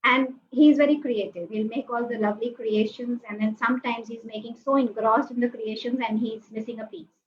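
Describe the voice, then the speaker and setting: A woman giving a lively webinar talk, acting out quoted reactions and asking the audience to join in. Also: on the high side, brisk, few pauses. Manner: animated, acts out quoted reactions, asks the audience. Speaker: webinar speaker. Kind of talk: lively motivational talk with acted asides. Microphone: webinar call mic. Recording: slightly dull audio with faint noise.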